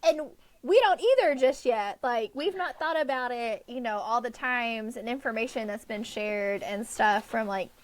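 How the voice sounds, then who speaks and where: A woman's voice: a little high, normal speed, hardly any pauses. A woman co-hosting a podcast, chatting casually about a book and acting out character lines with frequent laughter. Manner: animated, acts out character lines, laughs often. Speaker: podcast co-host. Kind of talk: casual book recap chat.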